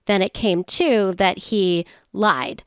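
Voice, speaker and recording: A woman co-hosting a podcast, talking in a quick, chatty way with playful asides. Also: mid-range voice, steady tone, clear, resonant tone, dry recording, studio quality. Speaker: podcast co-host. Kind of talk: casual chat.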